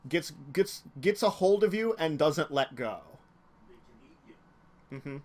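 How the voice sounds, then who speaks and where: A man's voice: on the high side, animated, takes it slowly. Man running a tabletop game. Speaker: game master.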